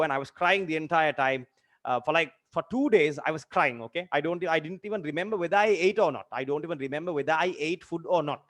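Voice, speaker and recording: A young man in his twenties, a teacher telling a personal story in a lesson, earnest and halting with many fillers and repeated phrases. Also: on the high side, fairly bright tone. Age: 20s. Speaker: literature teacher.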